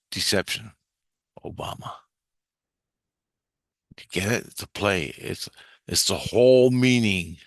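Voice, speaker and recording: A man's voice: sits low, fairly bright tone, no room sound, studio quality. A man rambling through a profane, intense monologue about his spiritual experiences.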